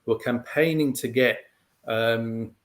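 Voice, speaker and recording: A guest pundit, a man with a medium-pitched voice, offers measured, explanatory analysis in conversation, leaning heavily on fillers like "um" and "you know."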